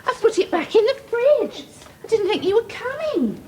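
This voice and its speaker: A woman's voice: very high-pitched, very animated, moderate pace, a little mellow, slight background noise. A woman playing a fussing mother who dotes on the family dog and talks to him in a sing-song way.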